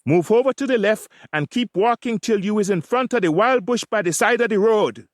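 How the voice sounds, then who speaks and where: A man's voice: high-pitched, expressive, a little fast, no room sound, studio quality, voice pushed up. A man voicing a blustering Jamaican police sergeant who barks orders and mocks the men he stops, with a Jamaican accent. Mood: commanding. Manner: barking orders, insulting and mocking.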